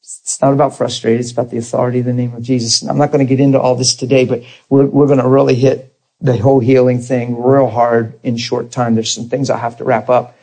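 A man's voice: mid-range voice, flat delivery, fast, dark tone. A man, preaching a sermon and telling a story while acting out the dialogue.

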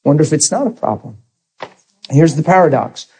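Husky preacher telling a story. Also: male voice, fairly high pitch, moderate pace. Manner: animated storyteller acting out dialogue. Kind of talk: sermon with storytelling.

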